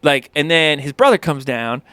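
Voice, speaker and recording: A man co-hosting a podcast in casual chat, an animated storyteller who acts out what people said. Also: a little high, moderate pace. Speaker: podcast co-host.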